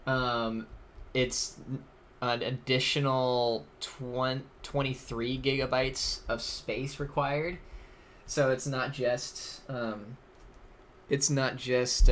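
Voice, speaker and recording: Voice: medium pitch, fairly bright tone, slight background noise. A live streamer hosting a casual gaming stream, rambling in a chatty way with laughs along the way.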